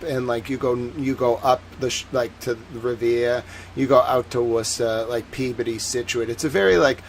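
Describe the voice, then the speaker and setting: A man with a Boston accent, hosting a casual livestream and ranting loudly about local traffic. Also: medium pitch. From Massachusetts. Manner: loud, ranting, fast-talking. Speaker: livestream host.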